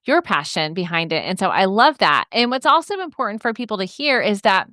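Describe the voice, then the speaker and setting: A woman's voice: medium pitch, sing-song, a little fast, pushed and bright, no echo, clean studio sound. A woman hosting a podcast interview, reflecting on and affirming her guest's story. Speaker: podcast host.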